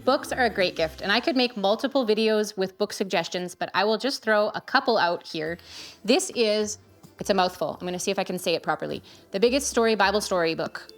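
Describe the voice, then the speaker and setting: A woman's voice: mid-range voice, brisk. A woman in her thirties talking to camera as a parent, recommending gifts in an earnest, chatty way. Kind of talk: casual review vlog. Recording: faint music behind.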